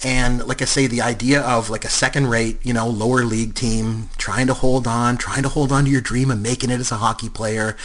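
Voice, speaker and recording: A man's voice: medium pitch, a little fast, hardly any pauses. A Canadian man in his fifties co-hosting a podcast, chatting loosely about movies with lots of fillers and restarts. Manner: rambling, animated, lots of fillers. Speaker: podcast co-host. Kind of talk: casual movie chat.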